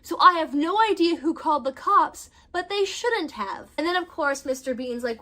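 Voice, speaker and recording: A young woman hosting a storytime vlog, retelling events with animated, dramatic flair. Her voice sits high and sounds bright and crisp. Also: moderate pace, hardly any pauses. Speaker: storytime vlogger.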